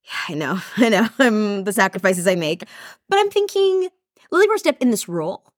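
A woman's voice: mid-range voice, big pitch swings, normal speed, no echo, studio quality. A woman co-hosting a casual podcast chat, giggly and rambling, often laughing at herself. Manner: giggly, rambling, self-mocking. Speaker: podcast co-host.

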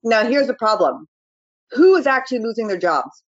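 A woman's voice: fairly high pitch, sing-song, normal speed, muffled recording. A woman, a real estate executive, explaining market conditions confidently in a video call discussion. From Canada.

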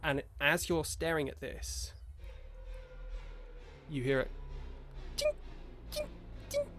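British male game master, slightly raised pitch, hushed descriptive narration over background music. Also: wildly swooping pitch, slow. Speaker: dungeon master.

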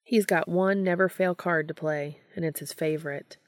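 A woman giving a steady, scripted narration of a romance story. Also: on the low side, normal speed, no room sound, clean studio sound.

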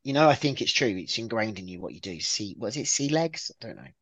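A man's voice: lowish voice, fast, no echo. A man from England, a guest on a podcast, chatting casually and telling stories with lots of stammers and restarts. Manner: lively storyteller, stammers and restarts.

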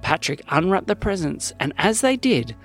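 A man narrating a silly children's story in a playful, lively way, as storyteller host. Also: sits high, normal speed, faint music behind.

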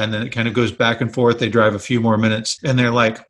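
A man co-hosting a casual movie podcast, telling behind-the-scenes stories with animated retellings and frequent laughter. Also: mid-range voice, moderate pace, few pauses. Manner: animated storyteller, laughs often. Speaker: podcast co-host.

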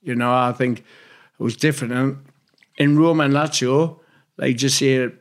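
A man from Newcastle with a Geordie accent, a former footballer telling rambling, sweary stories in a casual interview. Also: mid-range voice. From Newcastle, England. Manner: blunt, swears freely, rambling anecdotes.

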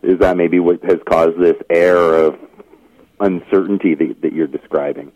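Deep-voiced, wry radio co-host. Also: male voice, flat delivery, moderate pace, darkish tone, dry recording, low-quality recording. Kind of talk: casual radio chat. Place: studio in Victoria, Canada.

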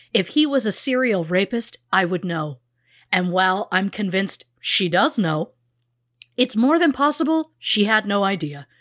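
A woman's voice: medium pitch, fairly bright tone, no room sound, clean studio sound. Sarcastic, blunt woman podcast host. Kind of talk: true crime podcast chat.

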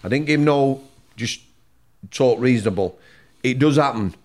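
A man, a former prison officer, talks plainly in casual conversation. His voice sits at an ordinary middle pitch. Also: moderate pace, a little mellow. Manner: plain-spoken, dialect grammar. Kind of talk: casual chat.

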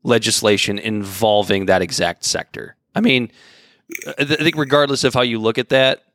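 A man's voice: fairly low pitch, fairly even intonation, normal speed, a bit bright, dry recording, clean studio sound. A man co-hosting a podcast in casual chat, easygoing and often hesitating and restarting his sentences. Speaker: podcast co-host.

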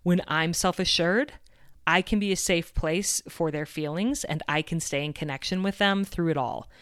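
A woman's voice: lowish voice, normal speed, no echo, clean studio sound. A woman in her thirties hosting a podcast, telling a personal story in a candid, earnest and openly reflective way. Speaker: podcast host.

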